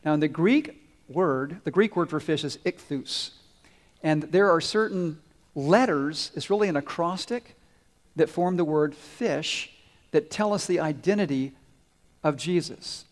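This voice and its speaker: A man leads a children's sermon in a church, his fairly high voice carried off by a long hall reverb. He quizzes the kids and waits for their answers, then tells stories with lively swings up to loud peaks. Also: a little slow. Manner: animated storyteller, swells loud on climaxes. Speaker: pastor giving a children's sermon. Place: church sanctuary.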